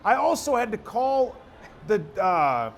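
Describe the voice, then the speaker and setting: A man's voice: high voice, very animated, slow, slight background noise. A man, co-hosting a casual podcast and riffing loose improvised ad reads. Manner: improvised spoken ad read; joking, loose rhythm. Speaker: co-host.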